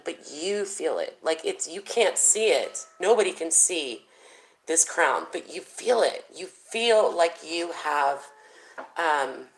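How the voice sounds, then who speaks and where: A woman's voice: deep voice, rough recording. A woman doing a casual tarot reading, chatty and thinking aloud with plenty of fillers. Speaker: tarot reader.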